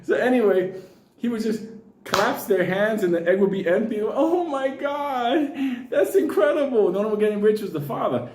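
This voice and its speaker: A man telling a wild comic story, animated and swearing often, laughing through his lines. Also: high voice, quick pace, roomy sound, background noise. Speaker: comedian storyteller.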